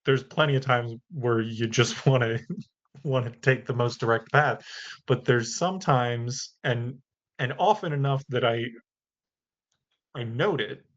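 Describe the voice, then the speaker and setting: Man, podcast host, thoughtful and rambling, mid-pitched, slightly dull lo-fi sound. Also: unhurried. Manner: rambling, thoughtful, laughs lightly. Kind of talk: casual podcast conversation.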